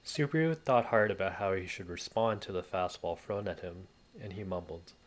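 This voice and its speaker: A man's voice: sits low, normal speed, a little hiss or hum. A man reading a translated novel aloud as an amateur reader, plainly and a little hesitantly.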